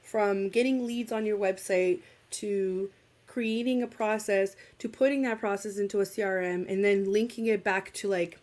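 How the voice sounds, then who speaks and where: A woman's voice: mid-range voice, fairly even intonation, normal speed, darkish tone, slight background noise. A woman speaking as a guest in a casual podcast conversation, chatty and thinking aloud with many asides. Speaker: guest, business systems consultant.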